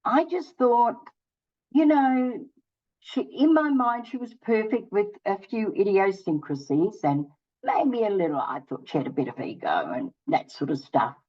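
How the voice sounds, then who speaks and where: Lively older woman telling a story. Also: mid-range voice, measured pace, lo-fi sound. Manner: animated, acts out both sides of conversations. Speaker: channel host. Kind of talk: casual storytelling to camera.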